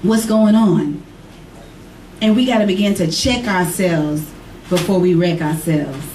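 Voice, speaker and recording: A woman's voice: a little slow, dark tone. Woman preaching in an echoey church. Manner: rising to high emphatic calls, dropping to low asides. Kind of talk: sermon to a congregation. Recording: echoey room from far off, faint noise.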